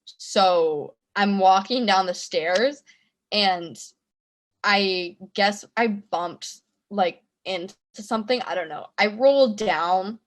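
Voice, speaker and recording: A young woman in a relaxed podcast interview, rambling happily through a story with plenty of fillers. Her voice sits at an everyday middle pitch. She laughs easily as she talks. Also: slow. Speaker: musician guest. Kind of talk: casual interview chat.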